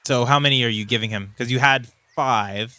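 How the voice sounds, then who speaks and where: A man narrating as game master in a tabletop game, with steady, descriptive narration. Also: mid-range voice, fairly quick, clean tone.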